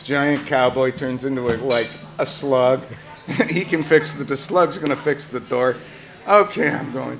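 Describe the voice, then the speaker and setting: An older man telling a true story live, animated, profane and often laughing. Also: mid-range voice, measured pace, vocal fry.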